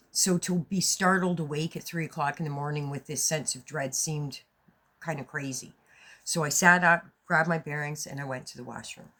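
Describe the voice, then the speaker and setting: A woman vlogger telling a story to her viewers in a casual, animated way, swearing as she goes. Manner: animated, swearing, rises high when retelling her own lines.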